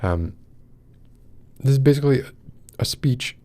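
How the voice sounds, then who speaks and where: A man's voice: mid-range voice, expressive, a little slow, mellow. A man hosting a podcast livestream, rambling with many fillers as he greets people in the chat and then reads a short text aloud. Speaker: podcast host. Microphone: wears in-ear monitors.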